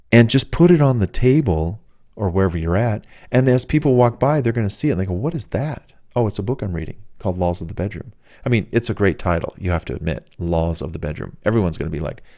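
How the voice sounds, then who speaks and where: A man's voice: sits low, darkish tone, no room sound, clean studio sound. A man, the author, giving casual, rambling dating advice in a chatty, salesman-like way. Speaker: author reading and riffing on his own book.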